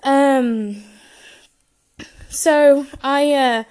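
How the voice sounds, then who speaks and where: A young woman tells a personal story. Her voice sits a little on the high side, and she tells it with open, gushing emotion. Laughter keeps slipping into her telling. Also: very slow, darkish tone.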